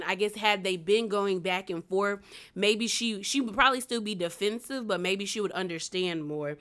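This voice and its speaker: A woman's voice: mid-range voice, moderate pace, fairly bright tone, clear, resonant tone. A young woman casually recapping a reality show, chatty and slangy, with lots of fillers. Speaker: recap vlogger.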